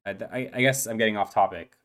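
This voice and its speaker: Brief: a man as a nervous, rambling young dolphin boy in a tabletop game; lowish voice, stammering. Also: fast, fairly bright tone, close to an everyday voice. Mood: hesitant, nervous. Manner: hesitant, stammering, full of ums and restarts. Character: eight-year-old male uplifted dolphin schoolboy, shy, rambling. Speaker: player. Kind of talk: tabletop role-play, in character.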